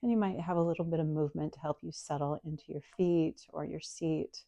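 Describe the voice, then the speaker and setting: Calm, mellow-voiced woman yoga teacher. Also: low voice, fairly quick, vocal fry, dry recording. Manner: calm, soft-spoken, explanatory. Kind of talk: guided breathing and yoga instruction.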